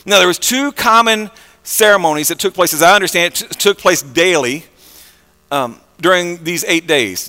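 A bright, forceful male voice, a little higher than most men, giving a sermon. He talks in a loose conversational way, restarting his sentences, and the sound rings out with the long reverb of a large hall. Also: clean tone. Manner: conversational, animated, with many fillers and restarts. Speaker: preacher.

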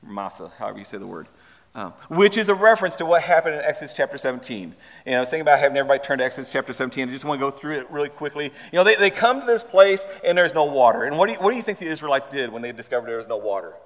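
Pastor, male, higher-pitched, conversational but emphatic sermon delivery, long church reverb. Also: expressive, rapid-fire. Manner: conversational, emphatic preaching that asks the congregation questions.

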